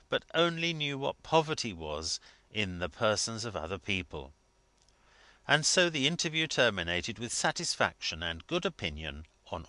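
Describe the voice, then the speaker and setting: A man narrating a classic novel as an audiobook, in measured, expressive storytelling. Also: mid-range voice, no room sound.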